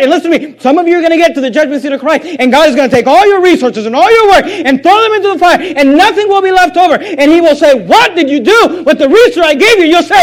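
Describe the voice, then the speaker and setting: A man preaches a sermon with an unusually high-pitched voice. He swings between loud, forceful outbursts and quiet, low asides. He mimics people's excuses in a whiny tone before answering them bluntly. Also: animated, fast talker. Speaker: pastor.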